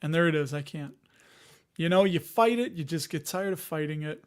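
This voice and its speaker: High-voiced man with a Chicago accent. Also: normal speed. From Chicago area, Illinois. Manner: rambling, jokey, laughs often, reads chat aloud. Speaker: investing channel host. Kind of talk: casual live-stream chat.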